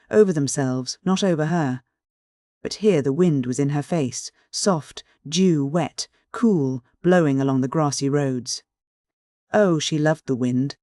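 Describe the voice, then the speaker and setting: An audiobook narrator reading a classic novel in a measured storytelling manner. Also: mid-range voice, darkish tone, no echo, studio quality. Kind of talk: scripted narration.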